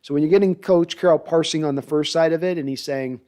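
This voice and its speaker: A man's voice: a little high, quick pace, a little mellow. A man hosting a live sports talk show, reading viewer comments and analyzing players in a conversational, thinking-aloud way. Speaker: podcast host.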